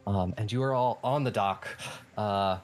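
A man's voice: on the low side, a little slow, soft background music. A man narrating a tabletop game as game master, hesitant, with many fillers and restarts.

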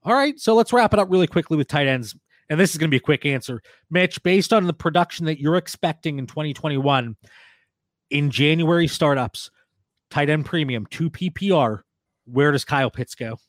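Man leading a podcast chat, higher-pitched. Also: animated, moderate pace, no echo, clean studio sound. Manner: leads the talk, hands questions to co-hosts. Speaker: podcast co-host, fantasy football analyst. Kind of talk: casual podcast discussion.

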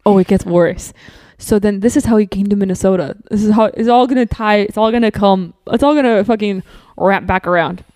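A young woman tells a wild personal story on a podcast, swearing freely and jumping into quoted lines. Her voice sits at an ordinary pitch for a woman. The sound is dry and close to the mic. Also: no echo. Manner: profane, animated, rapid storytelling with quoted asides. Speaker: podcast guest. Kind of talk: casual storytelling.

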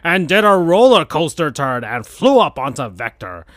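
A man hosting a podcast, reading absurd fan fiction aloud in a slow deadpan. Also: fairly high pitch, dry recording, clean studio sound. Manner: slow, deadpan, breaks into laughter. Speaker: podcast host.

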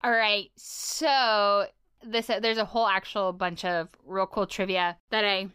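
A woman's voice: mid-range voice, fairly even intonation, measured pace, pushed and bright, smooth, no room sound, studio quality. A woman co-hosting a casual podcast, chatting and reading trivia aloud with a giggly, playful manner. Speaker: podcast co-host. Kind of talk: casual chat.

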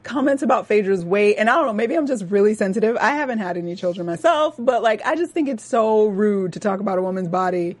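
A woman's voice: mid-range voice, animated, fast, hardly any pauses. A woman co-hosting a casual after-show chat, emphatic and opinionated, her voice jumping up when she gets worked up. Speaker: co-host. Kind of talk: casual chat recapping a TV episode.

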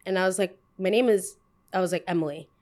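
A woman in her twenties, a podcast host telling a story in a casual, animated way, full of "like" and "I was like.". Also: on the low side, fast talker. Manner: animated, fills speech with "like" and "I was like".

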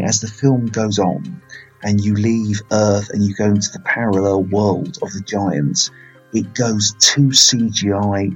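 A man's voice: on the low side, husky, highs cut off. A man hosting a casual film review podcast, rambling and playful with lots of fillers.

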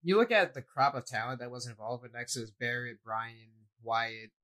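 A man's voice: medium pitch, lively intonation, moderate pace, pushed and bright, poor audio. A man co-hosting a casual wrestling discussion, giving opinionated, rambling takes and shrugging points off. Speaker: podcast co-host.

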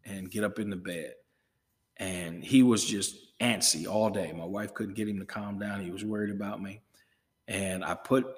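A middle-aged man, a pastor talking as a podcast guest in an earnest, emphatic way that drifts into preaching, often repeating words as he goes. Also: fairly low pitch. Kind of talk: casual chat drifting into preaching. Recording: long reverb room.

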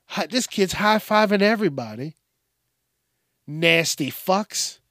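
Profane rambling man, slow and dry. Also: high voice, lively intonation, no echo. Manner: profane, rambling, acts out bits in shouted voices. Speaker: podcast host. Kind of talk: casual comedic rant.

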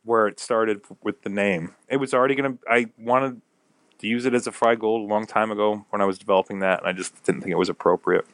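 A man's voice: lowish voice, steady tone, fast talker, a bit bright, no room sound. A man chatting casually as a podcast guest, rambling through a story and acting out what people said. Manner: rambling storyteller who acts out quotes. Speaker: podcast guest, pedal builder.

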